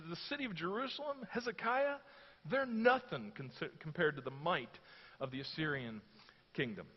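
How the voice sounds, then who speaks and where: A man with a fairly high voice preaches a sermon in a church, chatty and storytelling in tone and acting out the lines of the people in the story. His voice rings with a long reverb, and the recording sounds dull and lo-fi. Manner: conversational storytelling, acts out quotes. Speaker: pastor. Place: church hall. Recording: echoey hall, dull lo-fi sound.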